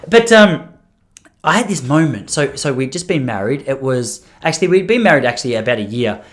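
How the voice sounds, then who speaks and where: A man's voice: mid-range voice, very animated, brisk. A man in his thirties hosting a podcast, rambling through stories with self-deprecating jokes. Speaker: podcast host. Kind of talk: casual comedic solo podcast monologue.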